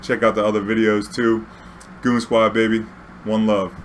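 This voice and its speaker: A man's voice: fairly low pitch, level tone, moderate pace, a little hiss or hum. A young man, telling a casual, profane, slang-heavy story as a vlog host. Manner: profane, laid-back, full of slang and fillers.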